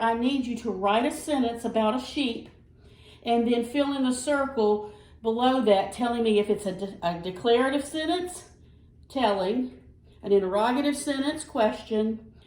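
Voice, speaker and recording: A woman teacher reading example sentences slowly and explaining grammar step by step in a patient, careful way. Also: a little high, darkish tone. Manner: slow, patient, reads sentences aloud carefully. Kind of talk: recorded classroom lesson. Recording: echoey room, far from mic.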